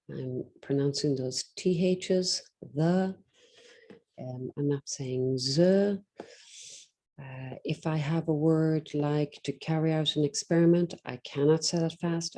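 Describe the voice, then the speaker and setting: A woman teaching an exam-prep lesson in a relaxed, darker-toned voice. She is instructive, fills gaps with ums, and stretches out pauses to show how to pace speech. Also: deep voice. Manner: instructive, deliberately slows and pauses to demonstrate, frequent ums. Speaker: English exam tutor.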